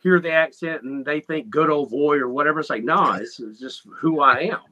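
A man's voice: on the high side, fairly quick, bright, forceful tone, muffled recording. A man from North Carolina with a thick Southern accent, talking plainly as a guest musician in a casual interview. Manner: thick drawl, plainspoken, proud.

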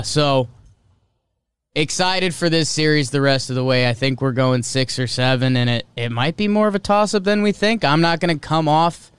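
Casting: young male podcast host, chatty sports takes, smooth clear voice, dry close sound. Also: a little high, no room sound. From American North. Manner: chatty, opinionated, quick asides. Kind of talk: casual sports talk.

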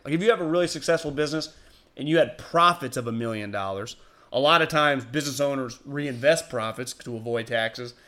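A man hosting a casual sports talk show, talking in an animated way and breaking into loud, excited bursts. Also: a little high. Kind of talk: casual sports radio chat.

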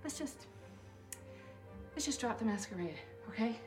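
A woman's voice: on the high side, expressive, normal speed, lightly acted. An actress playing a suspicious mother who confronts her daughter's rival, cold and confrontational, in a film clip. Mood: accusing. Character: suspicious accusing mother, middle-aged woman. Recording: movie clip with roomy echo and music.

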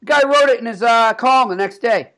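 High-voiced man telling animated stories. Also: brisk. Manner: animated, laughing storyteller with frequent restarts. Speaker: podcast co-host, hockey reporter. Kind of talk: casual storytelling chat.

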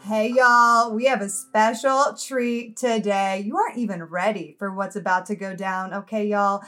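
A woman hosts a podcast in an easy, bubbly chat with friends. She laughs often and keeps the talk light, with faint music playing softly underneath. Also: medium pitch, fairly even intonation, moderate pace. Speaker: podcast host. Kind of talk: casual chat.

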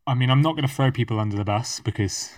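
A man on a podcast, talking casually, who drops into mock voices whenever he quotes someone. His voice sits a little away from the mic in a dead, dry room, at a mid pitch. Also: fast talker, dry recording, distant mic. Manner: animated, mimics voices when quoting others. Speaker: podcast guest.

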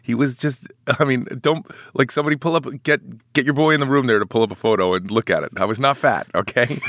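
A man's voice: medium pitch, quick pace, a bit bright, dry recording. A man in his forties, an actor guest chatting in a casual podcast interview, rambling and self-mocking with many restarts. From United States.

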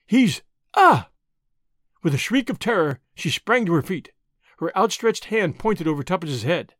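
Lively, high-voiced man narrating a story. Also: moderate pace, no room sound, studio quality. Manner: expressive, dramatic reading. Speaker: storytelling podcast host and narrator. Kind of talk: scripted audiobook narration.

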